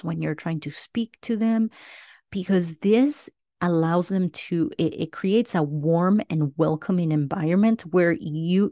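Middle-aged woman host, unhurried and earnest, dry close sound, podcast advice monologue. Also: lowish voice, mellow, no room sound. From Latino family. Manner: earnest, repeats "right?" often.

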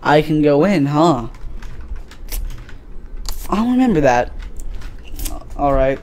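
A man's voice: a little high, big pitch swings, slow, darkish tone. A man giving casual, crude gameplay commentary, joking and swearing as he plays. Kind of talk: casual let's play commentary.

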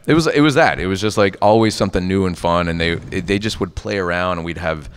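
A man, a voice actor, telling animated anecdotes on a convention panel and acting out the people he quotes. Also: lowish voice, fast, few pauses, clear, resonant tone, big-room sound. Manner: animated, acts out quoted voices, many "like" fillers.

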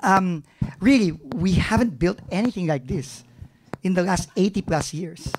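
A man's voice: high-pitched, expressive, measured pace, a little mellow, slight background noise. A middle-aged man with a Filipino accent, a government agency head answering press questions frankly and emotionally, slipping into Tagalog phrases. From Philippines.

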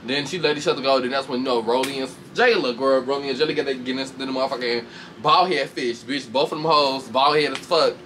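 A man from Chicago, commentating on a reality show, casually recaps a fight at a quick pace with background noise behind him. He's animated and profane, laughs often, and shifts suddenly into high mocking voices.

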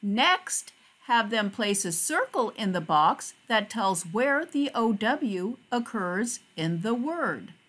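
A woman narrating a phonics lesson for teachers, speaking slowly and carefully as she walks through each word. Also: fairly high pitch, sing-song, a bit bright. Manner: slow, careful, deliberate word-by-word delivery.

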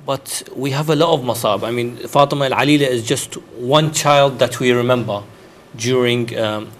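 Measured male talk show host. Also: medium pitch. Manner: measured, with hesitant fillers. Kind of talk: hosting a religious talk show.

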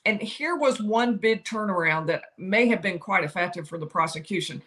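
A woman, older, giving solo legal commentary, explaining each side's arguments and quoting lawyers with animated emphasis. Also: medium pitch, normal speed.

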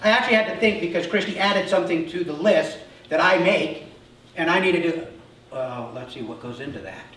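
A middle-aged male pastor preaching a sermon, telling self-deprecating stories in an animated way. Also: fairly high pitch, moderate pace. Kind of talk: sermon with humorous personal stories. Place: church sanctuary. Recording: echoey hall, mic from far off.

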